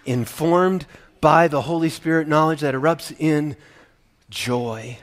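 A man from Minnesota preaching a sermon, animated and shifting between loud emphasis and quiet asides. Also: on the high side, takes it slowly. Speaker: pastor.

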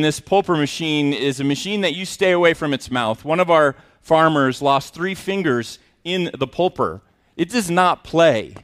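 A man's voice: on the high side, fairly bright tone. Earnest, emotional middle-aged male pastor. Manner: earnest and emotional, with self-mocking humor. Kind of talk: sermon.

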